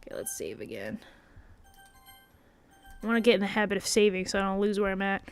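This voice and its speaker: A woman's voice: medium pitch, big pitch swings, fairly quick, soft background music. A sleepy woman streamer chatting casually as she plays, laughing at her own slips. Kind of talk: casual gaming commentary.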